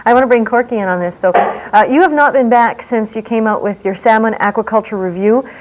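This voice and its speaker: A woman hosting a talk show who moderates a panel briskly, challenging the guests and cutting in. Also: fairly high pitch, low-quality recording.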